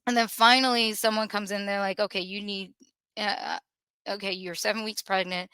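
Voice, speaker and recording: Woman, thirties, podcast host, personal story, candid, animated, bright voice, dry sound. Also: mid-range voice, moderate pace, smooth, no echo. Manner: candid, animated retelling with acted quotes.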